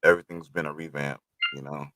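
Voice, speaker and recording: A male co-host with a very deep voice. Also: fairly even intonation, quick pace, fairly bright tone, a little hiss or hum. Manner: joking, curious questions. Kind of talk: casual chat.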